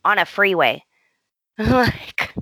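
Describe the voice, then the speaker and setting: A woman's voice: medium pitch, expressive, extremely slow, bright, forceful tone, no room sound. A woman co-hosting a podcast, chatting about soap opera scenes and quoting characters in a raised voice. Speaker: podcast co-host. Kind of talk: casual soap opera recap chat.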